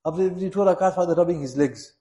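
In rapid-fire delivery, a man with a high-pitched, dark voice preaches an Islamic sermon. He urges his audience earnestly, hammering home each point by repeating it, and the room is echoey.

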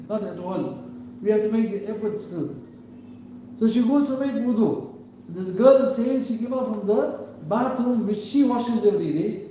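A man's voice: high voice, warm tone, slight background noise. A man giving an earnest sermon, telling a story and acting out the quotes. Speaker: preacher. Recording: distant, echoey, dull.

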